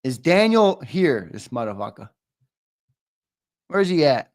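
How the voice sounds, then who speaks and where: A man hosting a livestream, teasing and swearing in loud, casual banter with his viewers. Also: medium pitch, very animated, unhurried, long pauses. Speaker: host.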